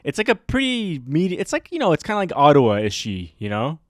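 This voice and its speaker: Pitched on the high side with huge swings, a Canadian man talks briskly as a podcast co-host in clean, echo-free studio sound. His storytelling is casual, rambling and hesitant, studded with fillers.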